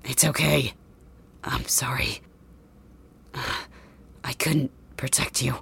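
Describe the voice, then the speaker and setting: A woman voicing a brash, injured young male hero in a whispered role-play, low, hushed and curt. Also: a little slow, creaky, slight background noise, heavily acted. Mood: weak, tender. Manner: curt, insults people.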